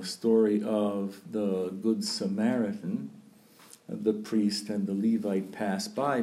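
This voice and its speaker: A man, a priest, giving a slow, thoughtful sermon, pausing often to think aloud. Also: on the low side, mellow. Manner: slow, thoughtful preaching with frequent pauses and fillers.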